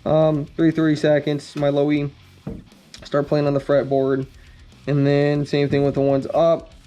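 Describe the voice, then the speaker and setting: Man, guitar instructor, casual rambling explanation, mellow warm tone, faint guitar behind. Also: on the high side, a little slow. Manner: relaxed, rambling, frequent ums, blunt mild cursing.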